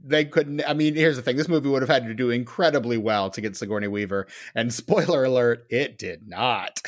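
A man's voice: mid-range voice, fairly quick. A man co-hosting a podcast in casual chat, joking and rambling with lots of fillers. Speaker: podcast co-host.

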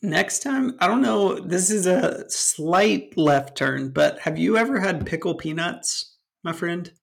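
A man's voice: sits high, unhurried, gravelly. A man co-hosting a podcast in casual chat, joking and laughing often. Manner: laughs often, jokey and loose. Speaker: podcast co-host.

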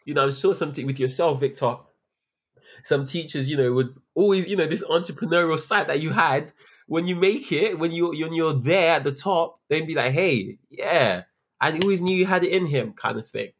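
A man's voice: a little high, normal speed. A young man who works as a teacher, talking earnestly and reflectively in a casual interview, with many fillers and restarts. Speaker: teacher, guest.

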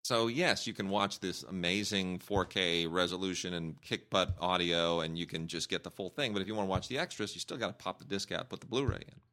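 A man's voice: low-pitched, fairly quick, few pauses, bright, forceful tone. A man co-hosting a podcast, chatting casually and opinionatedly about films and home video releases. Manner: enthusiastic, opinionated, talks in long runs. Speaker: podcast co-host. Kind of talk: casual film review chat.

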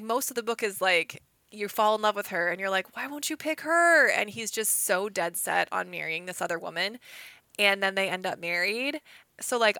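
A woman co-hosting a book podcast, chatting in a bubbly, teasing way with quick asides. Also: medium pitch, gravelly, bright, forceful tone, no echo. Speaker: podcast co-host. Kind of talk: casual chat.

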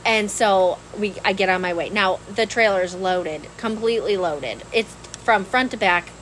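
Brief: woman co-host, New lilt, rambling animated storyteller, faint hiss behind. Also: medium pitch, unhurried, low-quality recording. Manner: animated, laughs often, rambling with restarts. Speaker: podcast co-host. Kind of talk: casual storytelling chat.

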